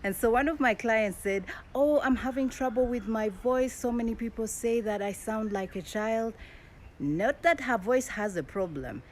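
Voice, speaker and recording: Woman speaking coach, live-stream lesson, lowish voice, animated swings in emphasis. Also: a little hiss or hum. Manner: expressive, swings between bright emphatic peaks and low drops.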